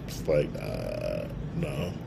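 A man's voice: a bass voice, very animated, drawn-out words, creaky, very noisy. A young man co-hosting a podcast, telling stories in a laid-back way with frequent laughs and restarts. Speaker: podcast co-host. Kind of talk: casual chat.

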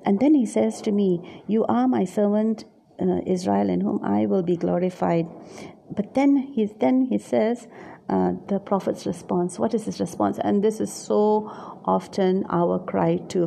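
A woman's voice: mid-range voice, gravelly, warm tone, a little hiss or hum. A woman preaching a reflective sermon on scripture, musing aloud and often searching for her words.

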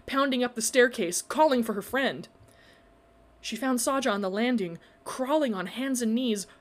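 Woman reading a story aloud. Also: mid-range voice. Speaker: narrator. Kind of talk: scripted storybook narration.

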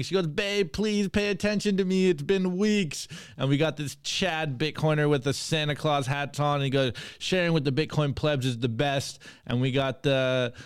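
A male podcast host reading and reacting to memes in an energetic, hype way. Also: on the high side, smooth, dry recording, studio quality. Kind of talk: meme review segment on a podcast.

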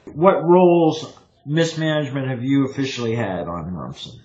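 A man's voice: mid-range voice, normal speed, darkish tone. Man interviewer, short prompting questions, roomy echo, dull muffled sound.

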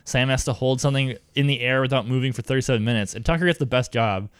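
A man's voice: mid-range voice, fast talker, clean tone, dry recording, clean studio sound. A man co-hosting a casual podcast, chatting and laughing as he recaps an episode and quotes the characters. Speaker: podcast co-host.

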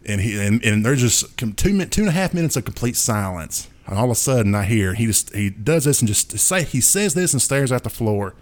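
A man's voice: medium pitch, very animated, brisk, hardly any pauses. A man co-hosting a podcast, telling a story in a rambling casual way with his own sound effects. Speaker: podcast co-host. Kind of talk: casual chat.

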